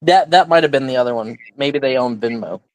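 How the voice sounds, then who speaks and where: A man's voice: medium pitch, fairly quick, dry recording. Chatty man hosting a live auction stream. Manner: chatty, rambling, explains items as he shows them. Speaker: auction host.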